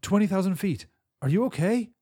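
A man playing a terrified young ship's cook in an audiobook, with a raised voice that leaps around. The cook's urgent reports sound husky and mellow. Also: high-pitched, lively intonation, brisk, no echo, clean studio sound, voice pushed up. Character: panicked young ship's cook forced to pilot.

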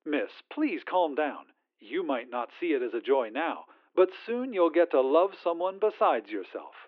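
Man voicing a syrupy corporate phone agent over a tinny phone line, lilting and bright-pitched. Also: very animated, normal speed. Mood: sweetly insistent. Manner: syrupy customer-service politeness. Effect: phone filter.

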